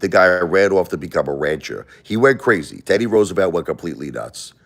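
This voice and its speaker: Middle-aged American man, deep voice, livestream host, blunt and emotional. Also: animated, a little fast, gravelly, fairly bright tone. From United States. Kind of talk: livestream rant.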